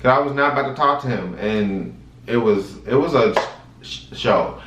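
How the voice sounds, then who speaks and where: A man in his twenties hosting a vlog, telling a story in a chatty, animated way and talking straight to his viewers. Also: medium pitch, normal speed, a little hiss or hum. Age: 20s. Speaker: vlog host. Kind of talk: casual storytime monologue. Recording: roomy sound from a distant mic.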